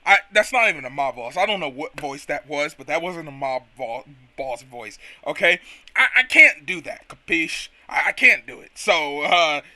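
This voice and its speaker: A man hosts a casual let's play, rambling excitably and teasing himself. His voice is high and bright with lively pitch, recorded dry and close. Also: normal speed, hardly any pauses, dry recording. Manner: excitable, rambling, self-mocking. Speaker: gaming video host.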